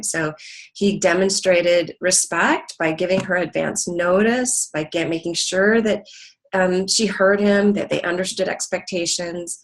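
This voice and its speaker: A middle-aged woman explains a parenting idea and tells a story to illustrate it. She speaks earnestly, with frequent ums and restarts, and her voice sits a little low. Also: unhurried, low-quality recording. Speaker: parenting educator. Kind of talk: teaching talk with an anecdote.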